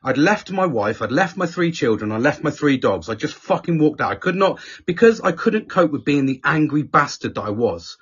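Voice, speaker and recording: Husky bloke swearing nonstop, jumpy animated voice, muffled lo-fi audio. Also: male voice, a little high, moderate pace, few pauses. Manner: swears constantly, restarts sentences. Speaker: podcast guest speaker. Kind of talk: candid conversational storytelling. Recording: dull lo-fi audio.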